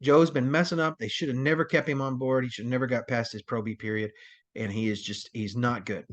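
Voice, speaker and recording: A man's voice: mid-range voice, steady tone, fairly quick, natural voice. A man role-playing an angry male paramedic who rants indignantly about a coworker. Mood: defiant. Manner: indignant, ranting.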